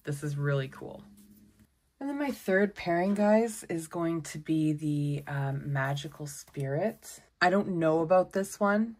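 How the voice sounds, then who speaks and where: A woman giving a casual tarot deck walkthrough, chatty and excitable, often exclaiming over the cards. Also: sits low, measured pace. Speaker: tarot content creator.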